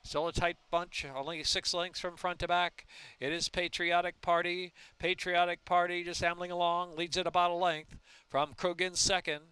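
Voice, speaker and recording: A man calls a horse race in a bright, crisp voice, building to rapid excitement down the stretch. The sound is dry and close, as from an announcer's booth. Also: high-pitched, no echo. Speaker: race caller.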